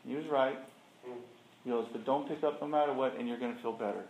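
A man's voice: medium pitch, quick pace, darkish tone, a little hiss or hum. A middle-aged man sharing his recovery story in an emphatic storytelling way, asking the audience rhetorical questions. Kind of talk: personal recovery testimony. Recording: echoey room.

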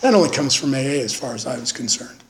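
A man's voice: mid-range voice, lively intonation, quick pace, slight background noise, low-quality recording. A man in his fifties giving an earnest personal testimony at a recovery meeting, acting out the voices of the people in his stories. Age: 50s. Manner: earnest storytelling, acts out quoted voices.

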